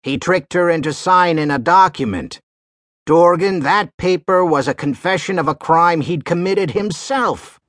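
A man voicing a frightened, cringing man who begs and gasps in a low, strained voice. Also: a little slow, a bit bright, no echo, clean studio sound. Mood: pleading. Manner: gasping and begging.

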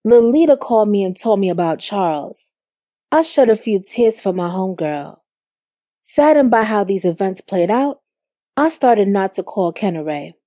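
A young adult woman reading a first-person story aloud with measured storytelling. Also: mid-range voice, animated, warm tone, no room sound, clean studio sound. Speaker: audiobook narrator. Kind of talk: first-person scripted narration. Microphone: studio microphone.

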